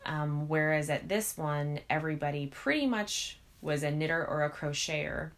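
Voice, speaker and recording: A woman co-hosting a podcast in casual chat, speaking in a measured way and thinking aloud with frequent pauses. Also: deep voice.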